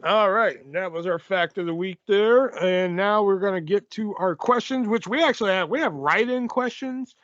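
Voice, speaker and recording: Male podcast host, high voice, laughy, lo-fi. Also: moderate pace, hardly any pauses, a bit bright, no echo. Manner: laughs often, runs the segments. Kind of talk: casual chat. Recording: dull lo-fi dry podcast mic.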